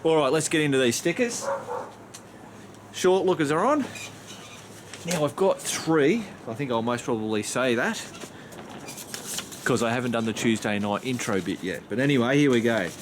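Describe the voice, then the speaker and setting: A man's voice: medium pitch, expressive, normal speed, long pauses, background noise. An Australian man chatting casually to camera in a rambling vlog, just woken up and swearing mildly now and then. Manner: rambling, frequent mild swearing. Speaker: vlogger.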